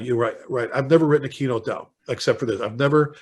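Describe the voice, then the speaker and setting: A man's voice: mid-range voice, fast talker, hardly any pauses, breathy edge. Chicago-accented older man telling stories. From Chicago, United States. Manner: lively storyteller, slips into impassioned rants. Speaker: guest, veteran fire chief. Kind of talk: casual podcast interview.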